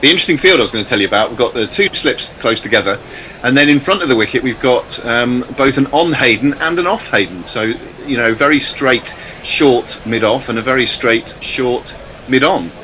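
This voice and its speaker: A man giving chatty, measured ball-by-ball cricket commentary. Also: medium pitch, expressive, sharp tone, slight background noise, poor audio. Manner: measured, chatty, self-deprecating.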